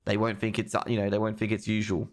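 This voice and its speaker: A man's voice: lowish voice, monotone, quick pace. A young man hosting a live stream, ranting with heavy profanity about esports news. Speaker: streamer host.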